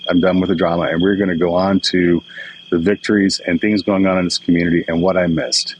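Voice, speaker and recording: A man's voice: low voice, little pitch movement, quick pace, breathy edge, rough recording. An older man hosting a casual live stream, greeting viewers by name in a chatty, emotional way. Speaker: livestream host. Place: indoors at home, crickets outside. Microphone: phone or webcam for a live stream. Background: crickets and insects chirping.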